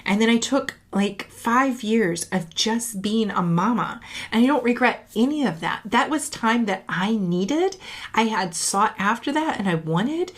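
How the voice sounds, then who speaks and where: A woman's voice: fairly high pitch, animated, a little slow. A woman in her late thirties, a leadership coach, talking in an upbeat, emphatic, chatty way in a casual reflective monologue to camera. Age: late 30s.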